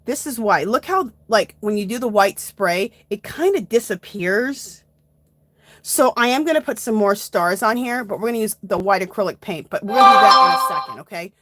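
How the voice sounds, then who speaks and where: A woman's voice: medium pitch, animated, normal speed, fairly bright tone, slight background noise. A woman hosting a casual live art journaling tutorial, chatting to viewers as she works. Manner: chatty, addresses viewers as "you guys".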